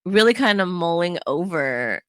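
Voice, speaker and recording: A woman's voice: fairly low pitch, very animated, moderate pace, fairly bright tone, no echo. Woman, podcast co-host, casual storytelling, laughs often, dry close sound. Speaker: youth soccer coach. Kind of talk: casual chat.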